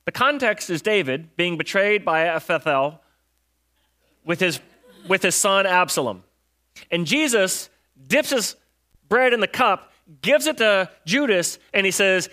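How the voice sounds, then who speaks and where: A man's voice: high-pitched, animated, measured pace, long pauses, sharp tone. A man preaching a sermon in a casual, conversational way, retelling Bible stories in slang and quizzing listeners with rhetorical questions. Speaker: pastor.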